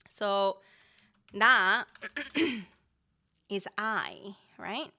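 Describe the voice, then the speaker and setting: A woman's voice: mid-range voice, sing-song, takes it slowly, sharp tone. A Korean woman teaching her language on a live stream, reading viewer questions aloud and explaining patiently with a Korean accent.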